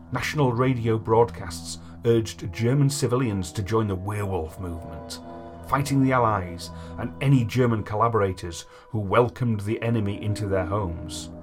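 A man hosting a podcast, reading history notes aloud and then chatting loosely with fillers. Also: on the low side. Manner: reads long passages, then chats with fillers like "like" and "you know". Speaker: podcast host. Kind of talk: reading history notes between casual chat.

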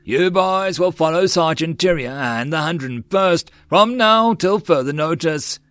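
A man voicing a male Marine sergeant who shouts orders in a raised, higher voice, in an audiobook. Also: animated, slow pace, creaky, dry recording, heavily acted. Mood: barking orders. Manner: shouting commands.

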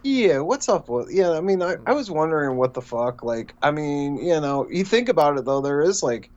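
A man's voice: fairly high pitch, big pitch swings, normal speed, darkish tone, highs cut off. A man co-hosting a podcast in casual chat, rambling with many fillers and restarts, and swearing. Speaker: podcast co-host.

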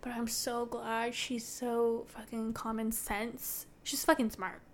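High-pitched woman podcast co-host, chatty and emphatic. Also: flat delivery, slow pace. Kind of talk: casual book chat.

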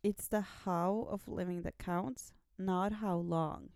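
A woman co-host talks through comic book issues in an easy, conversational way, her voice sitting a little low and sounding soft and mellow. The sound is close and dry, with no room around it. She keeps backing up her partner with short agreeing words. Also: steady tone, slow pace, gravelly, smooth, no room sound. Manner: agreeable, often chiming in with short affirmations. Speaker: podcast co-host. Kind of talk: casual chat about comics.

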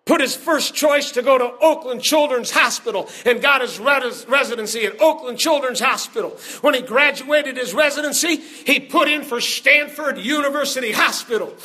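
Man, preacher, sermon, emphatic storytelling, shouted exhortation, very high voice, bright tone. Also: moderate pace, few pauses.

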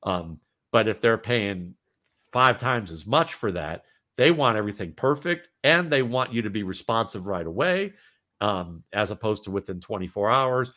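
A man's voice: fairly low pitch, animated, moderate pace, sharp tone. A talkative man chatting as a podcast guest, rambling with many restarts. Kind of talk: casual podcast conversation.

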